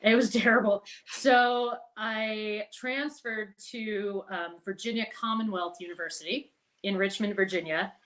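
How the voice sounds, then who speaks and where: A middle-aged woman, a podcast guest, telling stories in a casual, animated way, laughing and swearing now and then. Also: medium pitch, measured pace. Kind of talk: casual storytelling.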